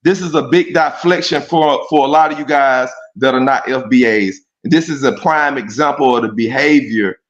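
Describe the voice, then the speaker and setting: A man's voice: medium pitch, moderate pace, hardly any pauses. A man in a heated debate who talks insistently, repeats himself and stresses that he is being respectful. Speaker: debate participant. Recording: echoey, dull lo-fi audio.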